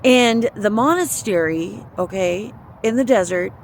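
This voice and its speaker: An earnest speaker tells a personal story of faith in a loose, casual ramble, often acting out their own thoughts. The voice sits at a middle pitch. Faint passing vehicles can be heard outdoors. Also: unhurried, a little hiss or hum. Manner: earnest, rambling retelling with quoted inner speech. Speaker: storyteller sharing a faith testimony. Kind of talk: casual spoken testimony.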